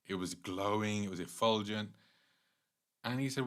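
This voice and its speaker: A man with a somewhat low voice teaches a devotional class in an easygoing, conversational manner. He tells the story like he's chatting with friends, getting animated now and then. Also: normal speed. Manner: conversational, animated when voicing characters, laughs lightly. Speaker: temple class speaker.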